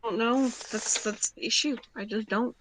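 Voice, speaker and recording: A woman's voice: fairly high pitch, fairly even intonation, normal speed, background noise. A teenage girl chatting casually with a friend during a game, curious and giggly, often trailing off. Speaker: co-player friend. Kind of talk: casual chat.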